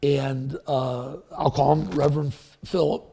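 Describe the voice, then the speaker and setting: A man's voice: medium pitch, level tone, measured pace, gravelly, dark tone, slightly rough. A man preaching a sermon as pastor, telling stories in a rambling, anecdotal way with restarts. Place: church sanctuary.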